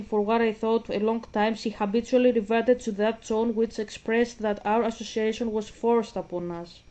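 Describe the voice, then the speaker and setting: A woman's voice: a little high, a little mellow, highs cut off. A woman vlogging in a casual way, reading passages aloud, then breaking off to question and argue, hesitant and searching. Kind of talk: casual vlog commentary.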